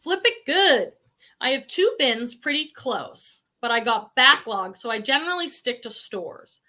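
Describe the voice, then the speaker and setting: A woman's voice: on the high side, lively intonation, normal speed, pushed and bright. A woman with a Boston accent hosting a casual livestream, chatting and reading viewer comments aloud. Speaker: reseller livestream host.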